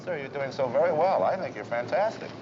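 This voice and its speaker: An actor playing an admiring young aide who talks eagerly. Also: male voice, medium pitch, animated, a little fast, lightly acted. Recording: dull old TV sound with outdoor noise.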